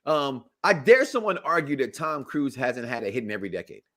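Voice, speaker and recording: A man co-hosting a casual podcast chat, joking and teasing in a lively way. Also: mid-range voice, brisk. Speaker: co-host.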